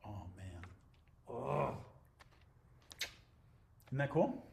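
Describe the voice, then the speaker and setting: A middle-aged man, a Zen teacher, giving a dharma talk at a retreat in an intimate, playful way, dropping to near-whispers and then rising into excited exclamations. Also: medium pitch, drawn-out words, vocal fry, pauses often, slight background noise.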